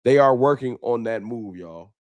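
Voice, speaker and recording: A man's voice: medium pitch, lively intonation, moderate pace, a little mellow, no echo. A man hosting a late-night sports fan livestream, talking off the cuff with emotion and slang. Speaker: sports fan show host.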